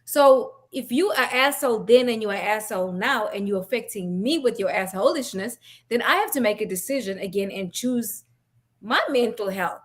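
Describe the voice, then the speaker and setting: A woman's voice: medium pitch, lively intonation, normal speed. A woman co-hosting a podcast in casual discussion, speaking bluntly and swearing freely as she makes her case.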